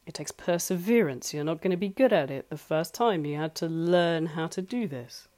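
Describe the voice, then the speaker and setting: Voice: medium pitch, lively intonation, moderate pace, darkish tone. A life coach giving earnest, conversational advice from home, repeating points for emphasis. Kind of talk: solo advice talk. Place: home flat.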